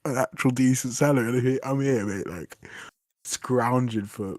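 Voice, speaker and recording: A man's voice: mid-range voice, normal speed, dry recording, studio quality. A young man, a game developer chatting casually on a stream, rambling and swearing as he tells stories. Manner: rambling, swearing, animated retelling. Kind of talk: casual chat.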